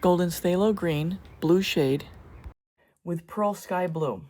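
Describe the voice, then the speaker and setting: Low-voiced woman chatting through a painting tutorial. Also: slow, dark tone. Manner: chatty, wandering asides while working. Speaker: fluid art painter teaching. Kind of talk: casual painting tutorial narration.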